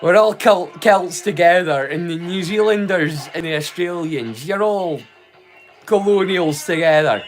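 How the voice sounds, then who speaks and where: A man's voice: high-pitched, soft background music. Sweary Scottish man rambling on stream. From Scotland. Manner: rambling, sweary, quick to laugh. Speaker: livestream host. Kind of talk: casual chat.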